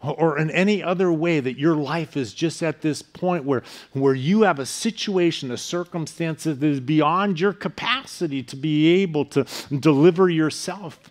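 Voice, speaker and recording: A man, a pastor, preaching a sermon in an earnest way, his voice often falling soft at the ends of phrases. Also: on the high side, normal speed, few pauses. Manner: earnest preaching with softer dropping phrase endings.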